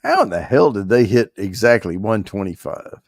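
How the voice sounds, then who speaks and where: A man's voice: fairly low pitch, big pitch swings, moderate pace, no echo, clean studio sound. A man hosting a casual livestream and running a prize giveaway, joking loosely and swearing mildly while he works the screen.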